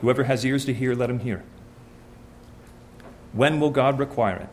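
A man's voice: mid-range voice, moderate pace, a little hiss or hum. A man preaching a sermon, reading scripture aloud and asking his listeners questions in an earnest, conversational way.

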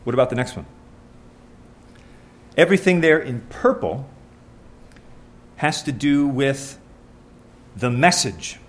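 A man's voice: mid-range voice, lively intonation, takes it slowly, long pauses. A man preaching a sermon, reading scripture aloud and asking his listeners questions in an earnest, conversational way.

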